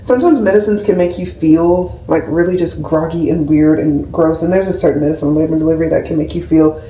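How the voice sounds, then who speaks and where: A young woman and nurse talks to her camera in a casual, rambling, heartfelt way, leaning on "like" as she goes. Her voice is mellow and soft-edged. It sounds roomy and a little distant, picked up by a camera sitting on a shelf. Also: low-pitched, fast, a little hiss or hum. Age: 20s. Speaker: labor and delivery nurse, vlogger. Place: home room, camera on a skincare shelf. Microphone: camera mic at a distance.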